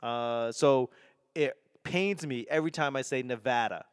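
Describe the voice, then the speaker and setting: A man in his forties with a faint Boston accent hosts his podcast alone, rambling with wry, self-mocking asides. His voice is smooth and clear, recorded close and dry with no room sound. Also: medium pitch, unhurried, dry recording. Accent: softened Boston. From Boston area, New England. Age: 40s. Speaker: podcast host and stand-up comedian. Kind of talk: solo casual podcast rambling.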